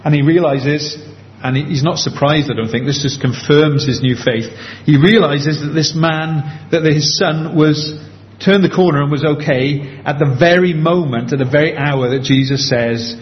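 A man's voice: a little high, steady tone. Earnest man preaching, lo-fi. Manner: earnest, conversational, slows down for emphasis. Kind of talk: sermon. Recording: dull lo-fi with faint background hiss.

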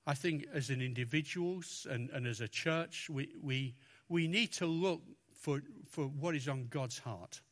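A man preaching a sermon, talking through a Bible passage with lots of expression and acting out the lines he quotes. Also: measured pace. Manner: expressive, animated, acts out quotes with raised pitch.

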